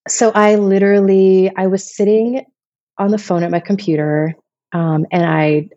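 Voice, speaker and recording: A woman's voice: medium pitch, fairly even intonation, normal speed, mellow, dry recording, muffled recording. A woman in her thirties from Vermont, telling personal stories in a casual, emotional, rambling way as a podcast guest. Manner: emotional, rambling, many restarts.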